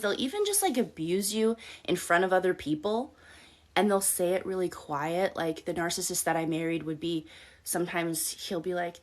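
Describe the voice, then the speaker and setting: A woman life coach hosting a live-stream advice talk, speaking bluntly with casual swearing and often checking in with "okay?". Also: lowish voice. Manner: blunt, profane, direct coaching tone; addresses listeners with frequent "okay?" check-ins.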